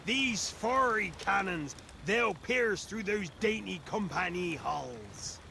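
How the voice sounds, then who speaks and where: A man's voice: high-pitched, lively intonation, slow pace, gravelly, bright, forceful tone, a little hiss or hum, exaggerated voice. An actor playing a blunt, rustic male blacksmith in a video game, with a Bristol accent. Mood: gruff.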